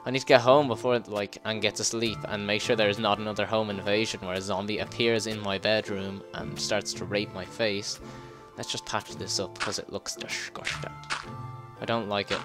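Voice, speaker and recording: Excitable low-voiced man gaming. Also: music in the background. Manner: excitable, swears and laughs, quick yelps when startled. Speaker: let's play gamer. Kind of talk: casual gameplay commentary.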